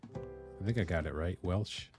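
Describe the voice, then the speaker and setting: A man's voice: sits low, over music. Laid-back male streamer from the Northeast US. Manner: relaxed, thanks viewers, thinks aloud with many "uh" pauses. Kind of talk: casual live-stream chat while coding.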